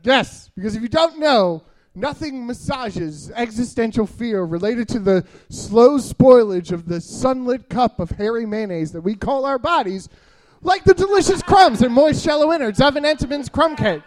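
A man's voice: extremely high pitch, lively intonation, normal speed. A man in his early thirties telling a rambling, self-deprecating stand-up story, full of filler uhs. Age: 30s. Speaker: stand-up comedian.

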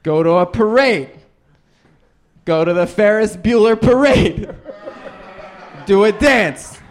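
A man doing a brash old comic, high-pitched. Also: slow pace. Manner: blustery, crude, rambling hometown bragging. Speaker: stand-up comic character. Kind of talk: improvised character comedy interview. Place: stage at a live show.

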